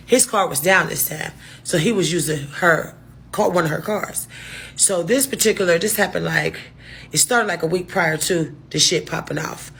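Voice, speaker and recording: A woman's voice: fairly low pitch, fairly bright tone, a little hiss or hum. A woman telling a casual storytime to her viewers, rambling through restarts and asides and swearing freely. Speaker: storytime vlogger.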